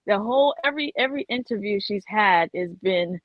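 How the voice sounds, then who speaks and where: A woman's voice: mid-range voice, animated, brisk, no room sound. A woman arguing her opinion emphatically in a casual panel debate. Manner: emphatic, insistent, talks over others. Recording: dull lo-fi online audio.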